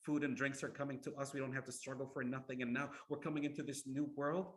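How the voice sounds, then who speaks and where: A man's voice: mid-range voice, fast talker. A man preaching a sermon as a story, acting out voices and often repeating words as he goes. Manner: animated, acts out characters in the story. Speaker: Islamic preacher.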